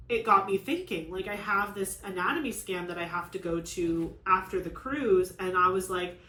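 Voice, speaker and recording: A woman's voice: medium pitch, sharp tone. A young woman chatting casually to camera as a crafting vlogger, telling a long story in a rambling way, full of "like" and restarts. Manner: rambling, filler-heavy storytelling with many "like"s. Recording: echoey room with faint noise.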